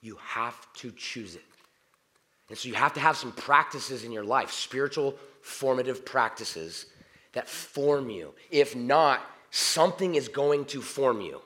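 Animated male preacher with lively pitch. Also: unhurried. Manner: animated, swings from loud to soft. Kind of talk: sermon.

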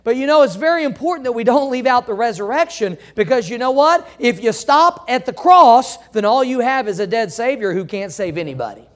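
A man's voice: very high-pitched, lively intonation, fairly quick, few pauses. Emphatic folksy male pastor. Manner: emphatic, folksy, joking asides. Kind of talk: sermon.

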